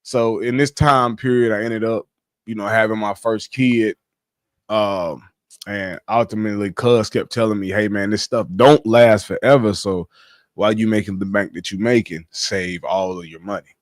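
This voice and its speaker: A man on a casual livestream, telling his life story in animated slang, swearing freely. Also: lowish voice, moderate pace, dry recording, clean studio sound.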